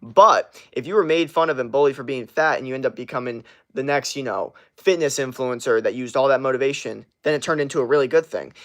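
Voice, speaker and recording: A man's voice: medium pitch, a bit bright. A man hosting a casual livestream, answering chat with blunt, motivational advice and plenty of swearing.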